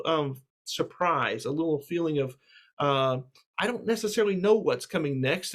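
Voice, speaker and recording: A man giving a casual music lecture, reassuring and full of fillers, with guitar playing between his talk. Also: a little high. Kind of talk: relaxed spoken lecture with instrument demos.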